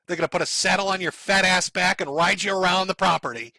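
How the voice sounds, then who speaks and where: A man's voice: high-pitched, fast talker, sharp tone, dry recording. A middle-aged man hosting a live stream, giving sarcastic, mocking commentary on a clip and laughing often. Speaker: streamer host.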